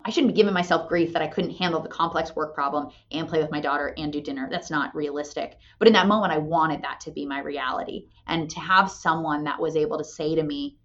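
Woman, 30s, candid motivational talker, lowish voice, muffled lo-fi recording. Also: quick pace, few pauses. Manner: candid, storytelling, frequent "right?". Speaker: company president and mother. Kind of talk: motivational talk. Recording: dull lo-fi sound.

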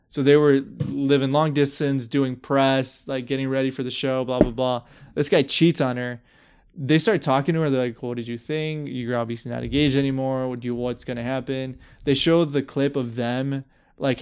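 A man's voice: mid-range voice, darkish tone, clean tone. A young man hosting a podcast, animatedly retelling a story, swearing freely and acting out quotes. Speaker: podcast host. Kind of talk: casual chat.

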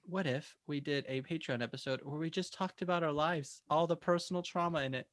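A woman's voice: low voice, a little fast, dry recording, clean studio sound. A woman co-hosting a podcast, rambling through stories in casual chat and acting out the quoted lines. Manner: rambling storyteller, acts out quoted dialogue. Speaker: podcast co-host.

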